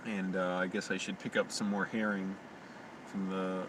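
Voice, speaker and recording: A man's voice: sits low, level tone, normal speed, recorded from a distance, noisy background. A man live-streaming from his car at night, rambling casually with lots of fillers and swearing. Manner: rambling, swears freely, many fillers and restarts. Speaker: vlogger livestreaming. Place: in or near a parked car by a park at night.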